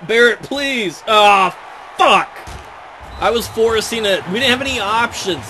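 A man's voice: very high voice, animated, normal speed, sharp tone, slight background noise. A young man commentating his own football video game, frustrated and ranting at the coach. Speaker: gaming commentator. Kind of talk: let's play commentary.

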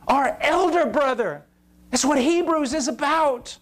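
A man preaching an intense, impassioned sermon that rises to shouts at its peaks. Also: very high-pitched, a little slow. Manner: intense, rising to shouts at climaxes.

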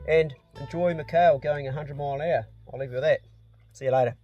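A middle-aged man with a New Zealand accent, hosting a casual vlog and chatting excitedly with plenty of mild swearing. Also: a little high, fast talker, lo-fi sound, soft background music. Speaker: channel host.

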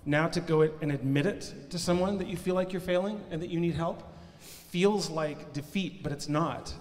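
A man's voice: a little high, normal speed. A middle-aged man, a pastor, making emphatic points in a conversational sermon, checking in with "right?". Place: church auditorium. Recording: long church hall reverb, faint noise.

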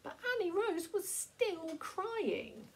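A woman's voice: extremely high pitch, rough recording. Woman teacher reading a picture book aloud. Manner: expressive, slow storytelling. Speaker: primary school teacher.

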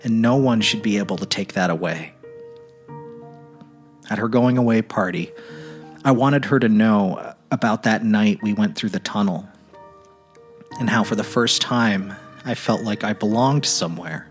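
A man giving a dramatic reading of a troubled teenage boy's letters, in a quiet, earnest, halting way. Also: lowish voice, faint music behind. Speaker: narrator.

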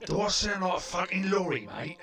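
A man's voice: high-pitched, expressive, moderate pace, echoey room, far from the mic. A man voicing a cranky, foul-mouthed male God with a British accent and a crude, insulting manner. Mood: irritated.

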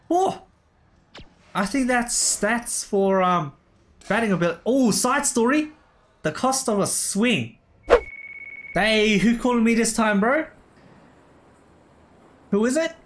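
A man casually commentating his gameplay, excitable, laughing often and saying "bro" all the time. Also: very high-pitched, slow, long pauses, a little hiss or hum. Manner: excitable, laughs a lot, says "bro" constantly. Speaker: gameplay streamer. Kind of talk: casual let's play commentary.

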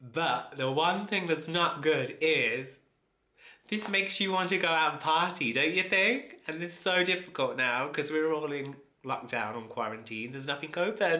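A man excitedly reacting to a dance video, gushing with frequent oohs and exclamations. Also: fairly high pitch, a little slow. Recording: echoey room with music underneath. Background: music playing.

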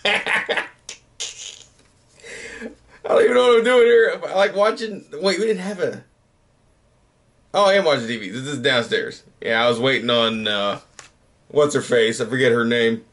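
A man in his thirties talks through things in a loose, rambling way at an ordinary mid pitch. He pokes fun at himself and lets his sentences trail off, like a relaxed late-night vlog chat. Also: moderate pace, pauses often. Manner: rambling, self-mocking, trails off. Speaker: YouTuber.

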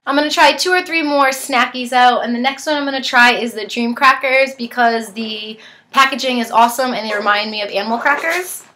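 A woman's voice: a little high, a little fast, bright, forceful tone. A young woman reviewing snacks in a casual unboxing vlog, chatting and tasting as she goes, sometimes talking with her mouth full. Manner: chatty, talks while chewing.

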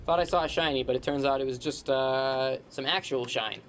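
A man's voice: medium pitch, brisk, a little hiss or hum. A man giving casual commentary while playing a game, grumbling and trash-talking the enemies with sarcasm. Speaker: gamer.

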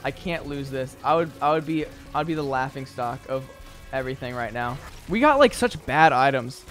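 A man's voice: medium pitch, lively intonation, moderate pace, a bit bright, faint music behind. A man streaming a video game, giving casual running commentary, often exasperated and mocking himself. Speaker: gaming streamer. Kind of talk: casual let's-play commentary.

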